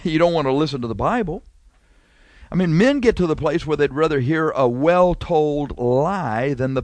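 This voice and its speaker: A man's voice: medium pitch, darkish tone, dry recording. A man preaching a sermon in a conversational, emphatic way, repeating phrases and drawing out key words.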